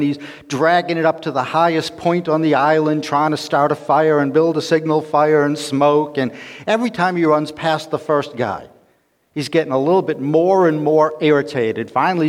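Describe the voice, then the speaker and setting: A man preaching a sermon, telling a story in a relaxed conversational way with fillers. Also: fairly high pitch, normal speed. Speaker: pastor. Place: church sanctuary. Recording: long church reverb.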